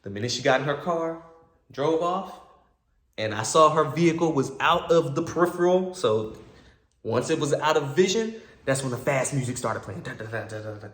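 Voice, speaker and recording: A man telling a personal story to his viewers in a casual, animated way, acting out both sides of old conversations. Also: on the high side, normal speed, reverberant.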